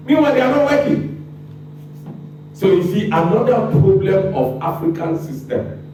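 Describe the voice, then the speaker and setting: A man's voice: on the high side, mellow, a little hiss or hum. A man with a Ghanaian accent giving a public lecture, impassioned and firing rhetorical questions at the audience. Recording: very echoey room, mic far off.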